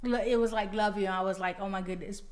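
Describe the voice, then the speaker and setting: A woman telling how she met her husband, animated and excited, acting out her own reactions. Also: mid-range voice, fast. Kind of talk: casual storytelling.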